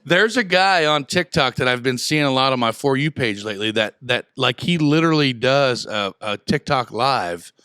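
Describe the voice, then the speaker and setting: A man's voice: mid-range voice, expressive, normal speed, few pauses, bright, forceful tone, smooth, no echo, studio quality. A man co-hosting a casual podcast chat, rambling through crude joking stories. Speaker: podcast co-host.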